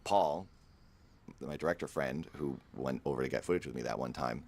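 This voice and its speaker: Very deep-voiced man, somber and earnest. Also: normal speed, gravelly, a little mellow. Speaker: vlogger telling a personal story. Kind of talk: personal storytelling vlog.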